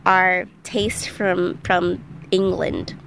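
A woman's voice: on the low side, little pitch movement, very slow, vocal fry, fairly bright tone, slight background noise. A young woman hosting a radio show, joking around in sarcastic, casual banter.

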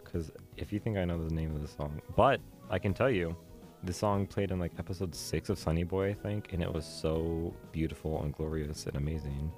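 A young man in casual chat, co-hosting and picking songs, playful and animated. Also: deep voice, fairly quick, faint music behind. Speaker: co-host playing music.

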